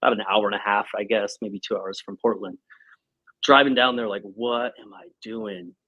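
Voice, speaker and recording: A man in his thirties, a guest on a podcast, telling a story in a casual, animated way and acting out what people said. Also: lowish voice, fairly quick, breathy edge, lo-fi sound. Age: 30s. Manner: animated, acts out quoted speech, laughs often. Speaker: podcast guest, company president.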